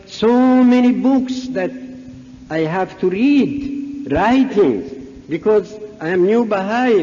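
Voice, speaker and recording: A man's voice: sits high, mellow. A man from Iran with a Persian accent, a native Persian speaker, giving a humorous talk at a conference and acting out the dialogue in his stories. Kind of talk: anecdotal religious talk. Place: large conference hall. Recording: dull echoey hall recording, faint hiss.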